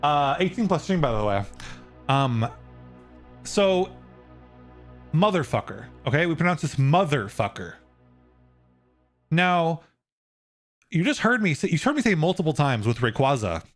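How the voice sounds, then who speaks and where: A man's voice: a little high, very animated, a little slow, long pauses, faint music behind. A young man streaming live, casually explaining a topic and answering his viewers' chat.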